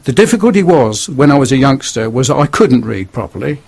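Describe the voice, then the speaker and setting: A man's voice: medium pitch, sing-song, brisk, creaky, a little mellow, slightly rough. An older man with a northern English accent, telling his life story bluntly and earnestly as a radio guest. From northern England. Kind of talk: testimony on radio.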